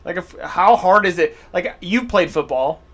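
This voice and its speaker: A young man co-hosts a casual sports podcast in a notably high voice. He gets blunt and worked up, swearing heavily. He fills his talk with "like". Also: animated, normal speed, a bit bright. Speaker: podcast co-host.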